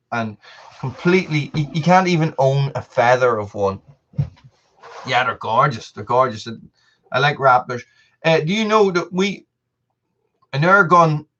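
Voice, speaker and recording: A man's voice: mid-range voice, a bit bright, highs cut off. A man hosting a casual live stream, chatting with viewers in a rambling way, full of restarts and repeated words.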